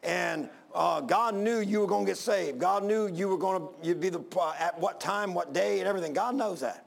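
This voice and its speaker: A man's voice: high voice, moderate pace, creaky. A man preaching a sermon in a folksy, rambling way, full of fillers and restarts.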